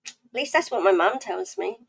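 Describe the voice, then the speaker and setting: A woman's voice: medium pitch, lively intonation, moderate pace, vocal fry, husky, poor audio. A woman with a South East London accent chatting playfully with viewers while she draws on a live stream. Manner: playful, chatty, reading viewer comments aloud. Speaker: livestream art host. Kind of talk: casual chat while drawing.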